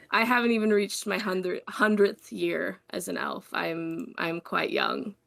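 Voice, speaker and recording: A woman's voice: mid-range voice, slow pace, gravelly, fairly bright tone, heavily acted. A woman voicing a young female elf who is looking for her purpose, speaking earnestly.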